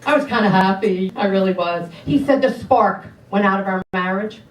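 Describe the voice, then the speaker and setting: A woman's voice: medium pitch, normal speed. A middle-aged woman doing a stand-up comedy set, brash and sassy, talking straight to the audience. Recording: roomy sound from a distance.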